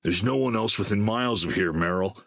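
A man's voice: lowish voice, brisk, vocal fry, fairly bright tone, no echo, studio quality. A man voicing a hopeful, sheepish young male wasteland drifter, speaking in a mild, defensive way. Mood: subdued.

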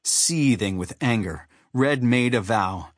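A man narrating a children's audiobook in an animated storytelling manner. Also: medium pitch, slow, dry recording, clean studio sound. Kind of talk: scripted narration.

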